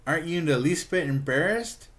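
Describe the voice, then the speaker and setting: A man's voice: on the high side, lively intonation, a little fast, fairly bright tone, voice pushed up. Guy doing a nervous teen boy, earnest and fretting, kinda raised voice. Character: earnest, worried teenage boy.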